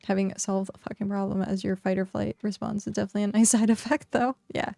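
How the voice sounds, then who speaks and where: Woman streamer just chatting, lots of likes and laughs, fry in her voice, dry close sound. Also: medium pitch, steady tone, fast, mellow, no room sound, soft background music. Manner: chatty, filler-heavy, laughs often. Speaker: game streamer. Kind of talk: casual livestream chat.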